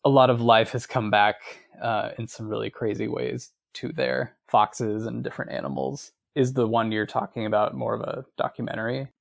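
A man as the non-expert co-host on a podcast, talking in a relaxed, self-deprecating way. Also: mid-range voice, normal speed, gravelly, few pauses, dry recording, studio quality. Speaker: color commentator. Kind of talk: casual podcast chat.

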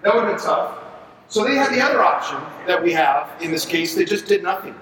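A man leading a Bible study for ministry leaders, talking in an animated, conversational way and asking the group to agree. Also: high voice, brisk, a little hiss or hum. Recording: echoey room, far from mic.

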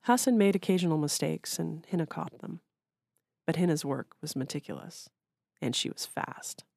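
A woman author reading her literary short story aloud in a measured, even way. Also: low voice, creaky, dry recording, studio quality. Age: adult.

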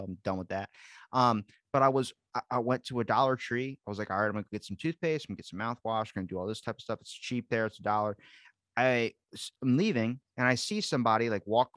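A man's voice: mid-range voice, no room sound, clean studio sound. Swearing, story-telling podcast host man. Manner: animated storyteller, swears constantly, acts out quotes. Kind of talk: casual chat.

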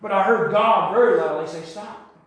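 An older man preaching a testimony sermon in a church, building from quiet storytelling to shouted praise. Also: sits high, moderate pace. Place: church sanctuary. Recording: very echoey church hall.

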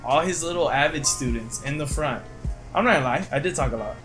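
A man's voice: a little high, lively intonation, fast talker, fairly bright tone, soft background music. Young man telling a laughing story. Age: young adult. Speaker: friend telling a school story. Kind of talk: casual chat.

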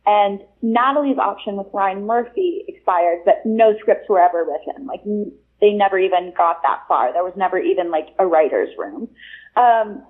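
A woman's voice: mid-range voice, expressive, normal speed. A woman guest telling a story in a breezy, wry way, with lots of "like" as filler. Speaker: guest author. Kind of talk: conversational storytelling. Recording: tinny phone-line sound.

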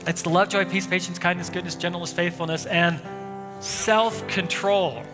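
A pastor preaching a sermon, telling a personal story in a loose conversational way with frequent restarts. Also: male voice, high voice, fairly even intonation, normal speed. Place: church sanctuary. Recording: long hall reverb, faint music.

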